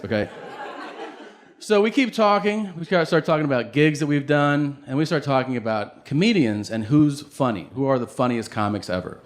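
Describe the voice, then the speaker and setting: A man's voice: mid-range voice, in a large hall. A male stand-up comedian on stage with a handheld mic, telling a profane story and acting out the dialogue. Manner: animated, profane, acts out dialogue.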